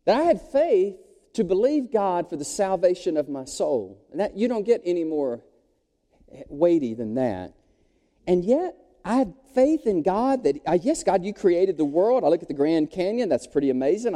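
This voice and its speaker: Man pastor, high lively voice, dark tone, joking folksy sermon in a reverberant church. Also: moderate pace. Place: church sanctuary. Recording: long reverb of a large hall.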